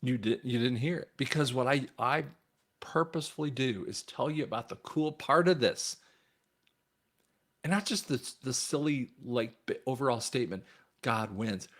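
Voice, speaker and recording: A man doing an emphatic, rambling online preacher, mid-pitched, swinging from loud bursts to quiet asides, talking straight to his viewers. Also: moderate pace. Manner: addresses viewers directly as guys. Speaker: channel host and commentator. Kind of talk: religious and political commentary monologue.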